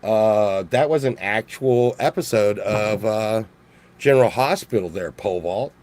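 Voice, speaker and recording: A man's voice: fairly low pitch, measured pace, a little mellow. A man from Texas, rambling jokily in a casual monologue full of restarts and swearing. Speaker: vlogger.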